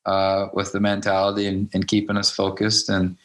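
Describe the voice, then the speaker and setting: A man in his fifties, a high school wrestling coach, telling stories in a casual interview and acting out the dialogue. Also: completely flat delivery, normal speed, a bit bright. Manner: anecdotal, acts out quoted dialogue with "I'm like".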